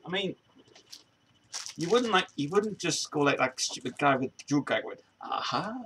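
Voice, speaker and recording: A man's voice: on the high side, animated, normal speed, background noise. A man hosting a casual chat show, rambling with many restarts and laughing often. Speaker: show host.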